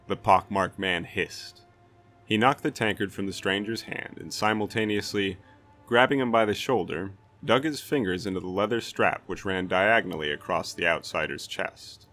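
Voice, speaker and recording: A man reading a fantasy novel aloud as a storyteller, in steady dramatic narration. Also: low voice, normal speed, faint music behind.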